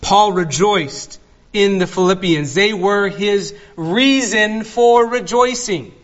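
A man preaching an expository sermon as pastor, slow and earnest, dwelling on single words. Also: high-pitched, a bit bright, highs cut off.

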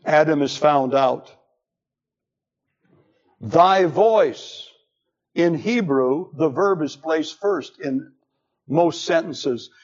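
A man preaching a sermon, slow and emphatic, with dramatic swings in pitch. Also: lively intonation. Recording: dull lo-fi sermon recording.

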